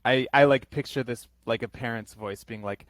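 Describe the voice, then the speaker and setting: A man's voice: medium pitch, normal speed, dry recording, poor audio. A young American man, an English tutor, answering questions casually over a video call and thinking aloud with many fillers. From United States. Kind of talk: casual interview.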